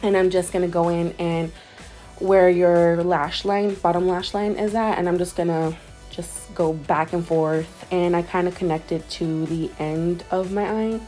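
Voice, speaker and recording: A woman's voice: on the low side, steady tone, measured pace, mellow, soft background music. A woman casually talking through her makeup steps as a beauty vlogger, rambling and correcting herself with lots of fillers. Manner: rambling, self-correcting, chatty with many fillers. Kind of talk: casual makeup tutorial voice-over.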